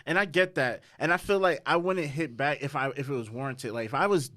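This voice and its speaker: A man on a podcast chatting casually, agreeable and relaxed, with a lot of slang. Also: a little high, brisk. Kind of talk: casual chat.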